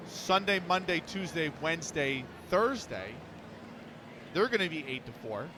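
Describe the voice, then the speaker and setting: A man's voice: a little high, background noise. A man, an esports commentator, telling a long story casually on a live stream, rambling and restarting as he quotes others.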